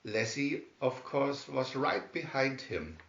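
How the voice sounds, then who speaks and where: A man reading a children's storybook aloud at an unhurried, measured pace. His voice sits at an ordinary middle pitch. The room is echoey and the sound is a bit muffled. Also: animated, creaky, a bit bright. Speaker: storybook reader. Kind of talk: read-aloud storybook narration. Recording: roomy, dull lo-fi sound.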